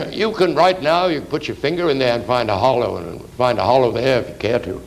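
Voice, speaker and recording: Gravelly man lecturing on anatomy drawing. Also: mid-range voice, a little fast, slight background noise, low-quality recording. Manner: rambling, conversational, lots of fillers and "you see".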